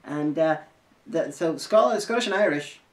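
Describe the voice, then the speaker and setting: A woman co-host with a hard-to-place English accent, explaining things in a measured, lecturing way. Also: deep voice, lively intonation, echoey room. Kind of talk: casual chat.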